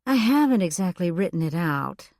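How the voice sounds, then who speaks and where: A woman narrator voicing a breathy, scatterbrained female fire dispatcher in an audiobook, with an eager, pleading manner. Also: on the low side, very animated, normal speed, darkish tone, dry recording, clean studio sound. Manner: eager, pleading, then frantic. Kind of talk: audiobook character voice.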